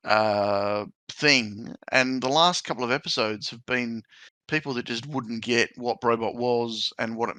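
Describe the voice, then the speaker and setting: A man hosting a podcast in a relaxed, casual chat, drawing his words out with many ums. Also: mid-range voice, dry recording. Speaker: podcast host.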